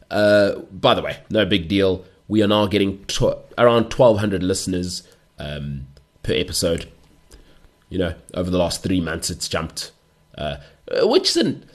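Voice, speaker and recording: A man hosting a solo podcast, rambling through jokey stories with mock-outraged asides. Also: low voice. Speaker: podcast host. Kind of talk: solo comic chat.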